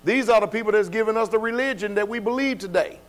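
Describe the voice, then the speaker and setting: Preaching at a Bible study, a fast-talking man with a high voice speaks emphatically and informally, dropping verbs and firing off rhetorical questions.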